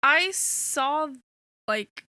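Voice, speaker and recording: A man's voice: extremely high pitch, animated, extremely slow, bright, forceful tone, dry recording, studio quality. A man co-hosting a comedy podcast, talking hesitantly with many fillers in casual chat. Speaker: podcast co-host.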